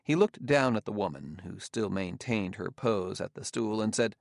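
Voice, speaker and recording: A male audiobook narrator with a low, gravelly voice tells a scripted story in a measured, steady way. The recording is studio quality with no room sound.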